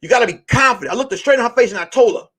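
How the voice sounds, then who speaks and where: A male comedian and podcast host telling a wild story, acting out the people in it and swinging from hushed lines to shouting. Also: very high-pitched, very fast, slight background noise.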